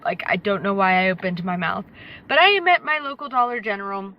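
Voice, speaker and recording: A woman's voice: mid-range voice, a little fast, highs cut off. A woman in her thirties chatting casually to a phone camera while out shopping, rambling with lots of fillers. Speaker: vlogger. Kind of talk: casual vlog chat. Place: out and about, in stores and car.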